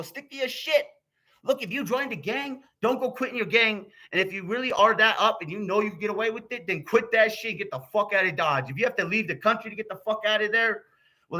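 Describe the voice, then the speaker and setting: A man's voice: sits high, pushed and bright. An American man ranting in a rambling, profane vlog, swearing constantly and getting heated. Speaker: YouTuber.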